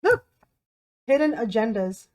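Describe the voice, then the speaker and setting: A woman's voice: fairly high pitch, very animated, measured pace, darkish tone. A woman giving a tarot reading to camera in a blunt, emphatic way, repeating herself and swearing freely. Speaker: tarot reader.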